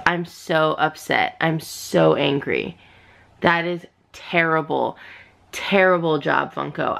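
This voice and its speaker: A woman's voice: fairly low pitch, vocal fry, fairly bright tone. A young woman vlogging casually to camera, exasperated and repeating herself as she rants. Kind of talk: casual vlog talk to camera.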